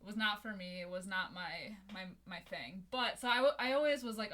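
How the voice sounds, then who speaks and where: A woman's voice: mid-range voice, normal speed, few pauses, bright, forceful tone. A woman in her thirties co-hosting a podcast, chatting casually about movies with lots of "like". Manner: chatty, lots of "like", laughs easily. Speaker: podcast co-host.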